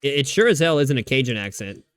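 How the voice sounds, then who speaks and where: A man's voice: medium pitch, sing-song, quick pace, clear, resonant tone, no room sound. Guy streaming, just rambling at his desk mic, lots of restarts and swearing. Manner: rambling, frequent restarts and stammered repeats, swears freely. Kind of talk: casual live-stream chat. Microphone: desk microphone.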